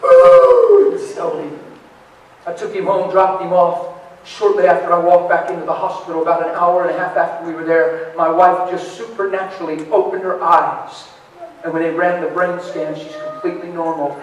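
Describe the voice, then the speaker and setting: A middle-aged man preaching a sermon with passion, swinging between shouts and hushed words. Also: high voice, little pitch movement, moderate pace. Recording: echoey hall from far off with faint noise.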